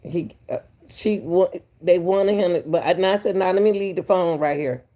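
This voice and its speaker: A woman's voice: lowish voice, normal speed, mellow. Woman commentator asking rhetorical questions. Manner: asks rhetorical questions, thinks aloud. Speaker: commentator host. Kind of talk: casual commentary on a case.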